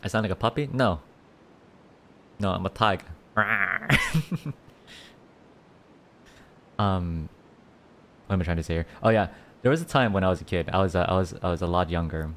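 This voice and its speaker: A man's voice: low voice, fast talker, long pauses. A man streaming and chatting casually, giggling often and thanking donors with playful rawrs. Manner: rambling with many restarts. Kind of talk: casual livestream chat.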